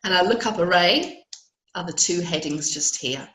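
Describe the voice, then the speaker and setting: Hoarse woman teaching a live webinar. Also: fairly low pitch, animated, normal speed, fairly bright tone, echoey room, slight background noise, low-quality recording. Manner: patient, checks in with listeners. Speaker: Excel trainer.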